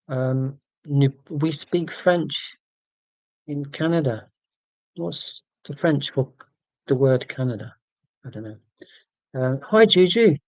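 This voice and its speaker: A man's voice: a little high, darkish tone, no room sound. A man, hosting a casual livestream and rambling self-deprecatingly through tangents. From United Kingdom. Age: 40s. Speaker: livestream host.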